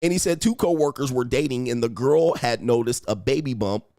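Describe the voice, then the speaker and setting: A man's voice: mid-range voice, a little fast, mellow, no echo, clean studio sound. A man hosting a livestream, reading viewer messages and commenting in a mocking, slangy way with frequent laughs. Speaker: livestream host reading super chats. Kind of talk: casual commentary. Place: home studio.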